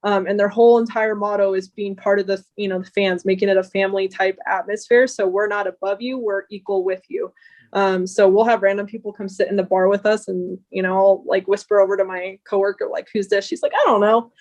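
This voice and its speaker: Woman, podcast guest, earnest, talkative, flat level pitch. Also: fairly quick, muffled recording. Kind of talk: casual interview chat.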